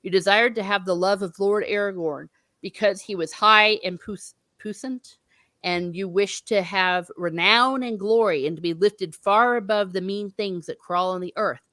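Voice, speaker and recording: A woman reading the lines of an earnest young noble captain from a book, measured and solemn. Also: mid-range voice, fairly bright tone, no room sound, close to an everyday voice.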